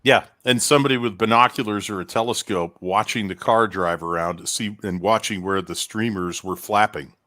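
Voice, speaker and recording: A man's voice: lowish voice, moderate pace, hardly any pauses, sharp tone, no echo. A man talking in a casual chat as a podcast co-host, telling stories in a rambling way with many restarts.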